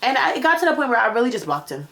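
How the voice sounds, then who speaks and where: Young woman vlogging a storytime, slangy and animated, gets loud then drops low. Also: rapid-fire, gravelly. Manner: animated, slangy, swings between loud exclamations and low asides. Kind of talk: casual storytime monologue.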